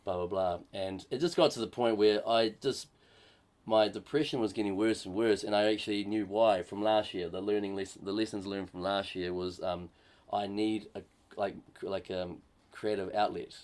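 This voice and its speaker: A man's voice: lowish voice, fairly even intonation, moderate pace, a little mellow. A man who is a comedian, co-hosting a casual podcast and telling a long, rambling story with many fillers and restarts. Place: shed.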